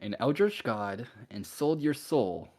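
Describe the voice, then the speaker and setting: A man voicing a laid-back punk biker demon father who talks loudly and shrugs things off. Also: animated, slow pace. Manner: booming, then casually dismissive.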